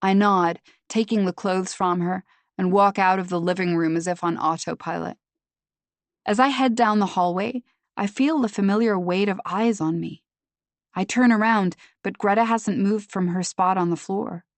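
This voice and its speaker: A woman reading a mystery novel aloud in first person, steady and measured, close to the microphone. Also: mid-range voice, dry recording. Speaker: audiobook narrator.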